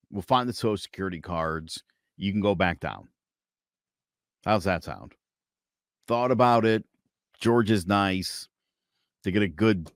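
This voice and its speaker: A man's voice: dry recording, clean studio sound. A man guest on a podcast, telling a personal story in casual chat, swearing now and then and acting out the other people's lines. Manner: animated storyteller acting out quotes with big pitch swings.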